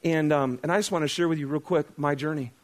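Pastor, middle-aged man, high-pitched, relaxed and conversational from the pulpit, quizzes his congregation. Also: quick pace. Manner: conversational, self-deprecating, asks the congregation questions. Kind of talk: sermon.

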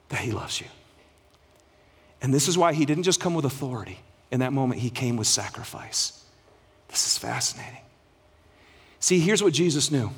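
A man with a high-pitched voice preaches a sermon to his congregation. His delivery swings dynamically between fervent, loud exclamations and soft, hushed passages. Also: breathy edge. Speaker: pastor.

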